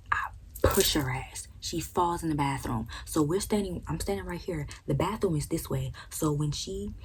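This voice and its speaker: A young woman with a very husky, breathy, low-pitched voice tells a storytime in casual vlog style. Her delivery is animated and profane, and she swings between sharp outbursts and hissed whispers. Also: poor audio. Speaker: vlogger.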